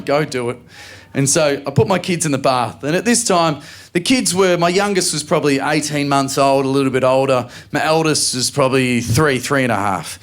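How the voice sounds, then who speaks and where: A man doing stand-up comedy on stage, telling an animated story and acting out the voices of his family. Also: medium pitch. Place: live comedy venue on stage.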